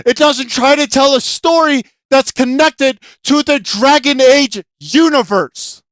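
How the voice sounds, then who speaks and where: A video game commentator in an angry, profane rant, yelling often, with a throat sore from shouting. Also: sits high, slow pace, dry recording, studio quality.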